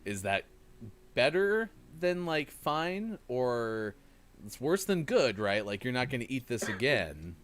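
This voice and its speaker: A man's voice: medium pitch, very animated, slow, a bit bright, a little hiss or hum. A man hosting a live gaming morning show, teasing his co-host and laughing often in casual banter.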